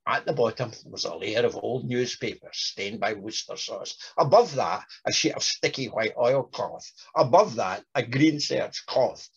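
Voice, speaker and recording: A man delivers a literary talk in a husky, gravelly voice that rises and falls a lot. He breaks into lively voices when he reads quoted passages. The recording sounds dull and lo-fi. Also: mid-range voice, measured pace, few pauses. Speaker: lecturer. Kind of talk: talk with dramatic readings.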